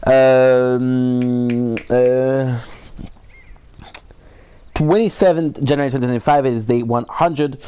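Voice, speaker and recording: A man's voice: medium pitch, fairly even intonation, takes it slowly, long pauses, warm tone, smooth, lo-fi sound. A tired man streaming a video game live, chatting casually and rambling with lots of fillers and casual swearing. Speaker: gaming streamer. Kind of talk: casual live gameplay chat.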